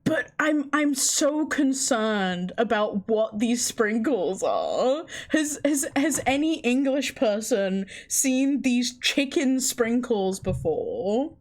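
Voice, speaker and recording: Slow-talking woman streamer, chatty. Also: a little high, very animated. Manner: chatty, incredulous, frequent swearing. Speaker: livestreamer. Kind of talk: casual stream chat.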